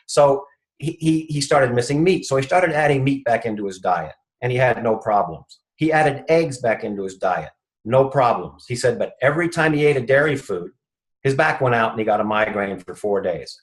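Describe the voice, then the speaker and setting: A man's voice: mid-range voice, lively intonation, moderate pace, low-quality recording. A man, a chiropractor guest in an interview, telling an anecdote and acting out what each person said. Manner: retells conversations, acting out the quoted speech.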